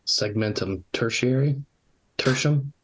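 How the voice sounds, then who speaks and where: A man's voice: mid-range voice, slow. A man playing a tabletop game, making joking asides. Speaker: player. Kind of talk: casual tabletop play.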